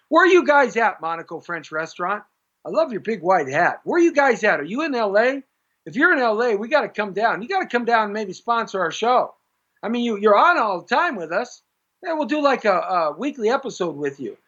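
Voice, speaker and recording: A man's voice: high voice, a bit bright. A middle-aged man hosting a live-streamed talk show, rambling in a jokey, opinionated way and reading out viewers' comments. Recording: dull lo-fi live stream audio.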